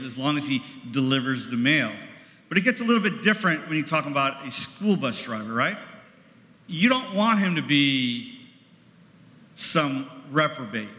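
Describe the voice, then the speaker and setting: Chatty American preacher in an echoey hall. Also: male voice, fairly high pitch, pushed and bright. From United States. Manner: conversational, rambling with many fillers. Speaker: pastor. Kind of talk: sermon. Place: church sanctuary. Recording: echoey hall, long reverb.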